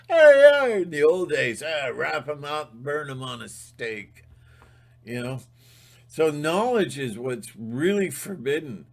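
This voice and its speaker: Slow, bright-voiced man on a rant. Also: medium pitch. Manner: emphatic, fired-up, sometimes shouting. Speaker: channel host. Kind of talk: ranting monologue.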